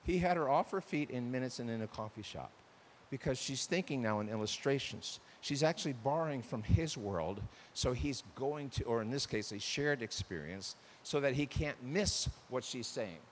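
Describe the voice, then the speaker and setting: A man's voice: mid-range voice, normal speed, big-room sound, a little hiss or hum. A man preaching a sermon about marriage, acting out arguments between spouses. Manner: animated, acts out quoted spouses. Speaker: pastor.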